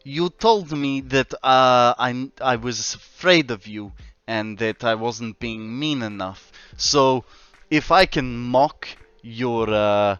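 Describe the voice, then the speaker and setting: A man putting on a teasing Russian man voice with deliberately clumsy, broken grammar, raised in pitch and louder than his usual talk. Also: smooth, dry recording, muffled recording, close to an everyday voice. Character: mock-stern Russian man.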